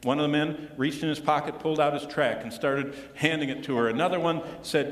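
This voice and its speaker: A man preaching a sermon as pastor, earnest, often dropping to a hushed tone to stress a point. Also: fairly high pitch, brisk, few pauses. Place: church sanctuary. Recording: echoey church hall with long reverb.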